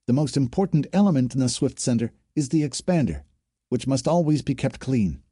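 A man's voice: medium pitch, very animated, a little fast, dark tone, breathy edge, dry recording, studio quality, pitched above the performer's own voice. A man voicing a female alien troop signaler who recites her training drill in a formal, parroting way.

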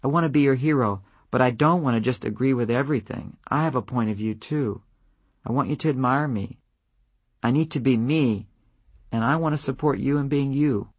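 A man's voice: mid-range voice, fairly quick, husky, dry recording. Man reading in a dry, close voice. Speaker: audiobook reader. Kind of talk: scripted narration of example letters.

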